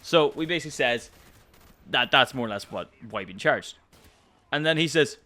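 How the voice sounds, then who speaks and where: A young man with an Irish accent tells a customer-service story as a rant, his tone exasperated and full of swearing. His voice is bright and forward, and he keeps checking in with the listener through rhetorical questions. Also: mid-range voice, lively intonation, moderate pace, pauses often. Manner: exasperated, profane, rhetorical "right?". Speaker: commentary YouTuber. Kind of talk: ranting storytime commentary.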